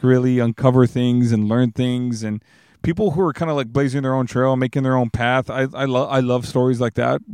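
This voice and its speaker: A man's voice: mid-range voice, darkish tone. A man talks on his own podcast, rambling and earnest with plenty of restarts. His voice sits in a middle range, recorded close to the mic in a dry space with no room echo. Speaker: podcast host. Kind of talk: casual solo podcast monologue. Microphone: close to the microphone.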